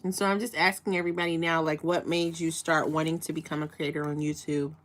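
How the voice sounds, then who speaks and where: A woman from Chicago hosts a relaxed live chat with her viewers, her voice sitting a little low for a woman. She talks in a loose, chatty way and asks winding questions full of restarts and fillers. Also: fast talker. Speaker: livestream host.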